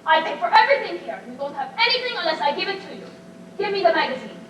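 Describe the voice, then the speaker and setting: A woman's voice: very high voice, very animated, fast talker, fairly bright tone, full character voice. Woman playing a harsh commanding old grandmother. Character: stern domineering old grandmother. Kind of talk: amateur stage play. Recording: echoey stage taped from far off, noisy.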